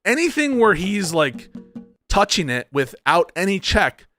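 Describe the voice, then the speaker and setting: A man's voice: high voice, big pitch swings, measured pace, pushed and bright, no room sound, clean studio sound, soft background music. A man giving casual political commentary, arguing emphatically with frequent restarts and tag questions.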